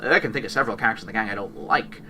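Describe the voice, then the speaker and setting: A man's voice: fairly low pitch, rapid-fire, sharp tone, far from the mic, a little hiss or hum. A man co-hosting a podcast, chatting casually and enthusiastically about video games, often correcting himself mid-sentence. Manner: rambling, enthusiastic, self-correcting. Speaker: podcast co-host. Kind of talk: casual gaming chat.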